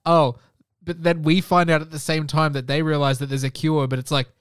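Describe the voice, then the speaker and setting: Smooth, dry-voiced man hosting. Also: a little high, flat delivery, no echo. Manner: rambling, quick run-on explanations. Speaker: podcast host. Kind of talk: casual film-review chat.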